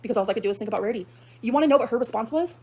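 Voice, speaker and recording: Fast-talking heated young woman ranting. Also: a little high, expressive, husky. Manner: fast, heated, profane, swings to shouting. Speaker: livestreamer reading and reacting to a post. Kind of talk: emotional livestream rant.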